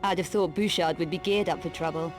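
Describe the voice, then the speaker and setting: A woman's voice: lowish voice, fairly even intonation, fairly quick, a little mellow, faint music behind, natural voice. An actress playing a cool, determined woman adventurer who asks short, direct questions. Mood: terse.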